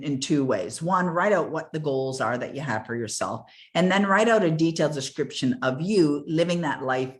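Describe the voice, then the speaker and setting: An older woman giving an earnest, emphatic motivational coaching talk, repeating key words for stress. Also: low-pitched. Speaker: success coach.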